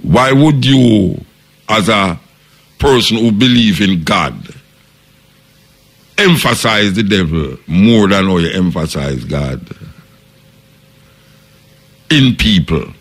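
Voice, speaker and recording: A man's voice: lowish voice, expressive, slow pace, pauses often, a bit bright. A man with a Jamaican accent, hosting a radio talk show. He reasons through a long monologue, asks rhetorical questions and quotes other people in passing. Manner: preaching, posing rhetorical questions, quoting others in their voices.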